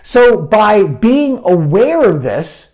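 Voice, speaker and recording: A man's voice: sits high, slow pace. A man giving a casual coaching talk and answering viewer comments, often tagging his points with "right?". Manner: animated, keeps asking "right?", acts out quoted voices. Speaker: life coach.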